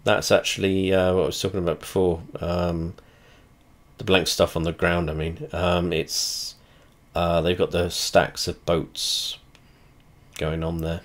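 Man, very low voice, sweary, rambling, casual flight simulator commentary, trails off and restarts. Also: little pitch movement, measured pace. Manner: rambling, heavy swearing, blunt and chatty. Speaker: video creator.

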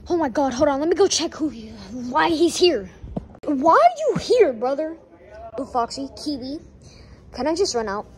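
A woman's voice: high-pitched, normal speed. A woman improvising a plushie skit, voicing every character and switching voices, often scolding.

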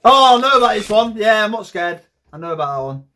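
Jumpy sweary guy in his 30s reacting to vids, husky, high voice that swings all over. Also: quick pace, slight background noise. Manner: excitable and heavily profane. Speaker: reaction video host. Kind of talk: casual reaction commentary.

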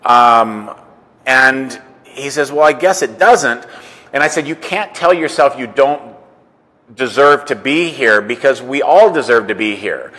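A man's voice: mid-range voice, animated, unhurried, sharp tone, big-room sound, soft background music, low-quality recording. A man telling a story in a casual monologue, repeating "I said" and acting out the dialogue he quotes. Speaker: entrepreneur and coach.

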